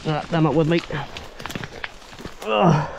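A man in his late fifties, hunting pigs in a steep gully outdoors, talking roughly and bluntly with plenty of swearing. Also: a little high, slow pace, a little mellow, slight background noise. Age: late 50s. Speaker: pig hunter and host.

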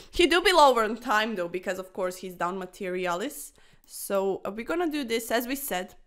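A young female chess streamer commentates her own online games playfully and dramatically, peppering them with quirky slang and mock-formal asides. She speaks at normal speed with a medium-pitched, animated voice.

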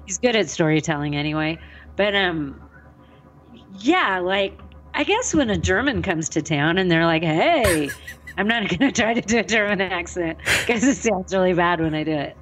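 A woman's voice: fairly low pitch, lively intonation, normal speed, fairly bright tone. A woman co-hosting a paranormal podcast, telling a story with lots of laughter. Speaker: podcast co-host. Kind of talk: casual podcast chat, storytelling.

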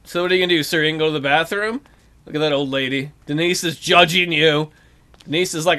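A man hosting a let's play, giving casual, excitable commentary full of jokes and swearing. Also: on the high side, brisk. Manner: excitable and jokey, swears freely.

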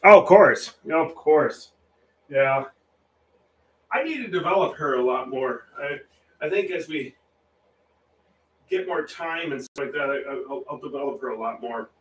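A man's voice: mid-range voice, animated, measured pace, long pauses, distant mic. A man chatting casually while he paints on a livestream, rambling with frequent restarts and chuckles. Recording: roomy echo, voice a little off-mic, faint room noise.

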